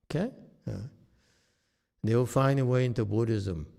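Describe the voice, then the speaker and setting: A man whose first language is Chinese, giving a slow, plain-spoken dharma talk as a meditation teacher, often checking in with "okay?". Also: medium pitch, gravelly, mellow. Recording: long hall reverb.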